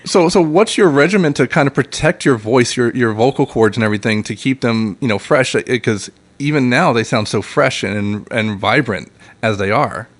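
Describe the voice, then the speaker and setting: A man's voice: mid-range voice, normal speed. A man co-hosting a radio interview, asking eager, enthusiastic questions with small restarts. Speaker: radio co-host. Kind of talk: casual interview chat.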